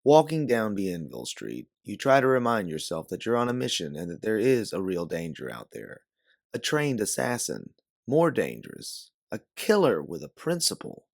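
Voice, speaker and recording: A man narrating a second-person audiobook story in a steady, measured way. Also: fairly low pitch, creaky, dry recording, studio quality.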